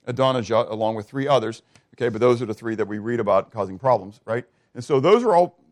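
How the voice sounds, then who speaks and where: A male pastor teaching a sermon in a conversational, animated way, constantly checking in with his listeners. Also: mid-range voice. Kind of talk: expository sermon.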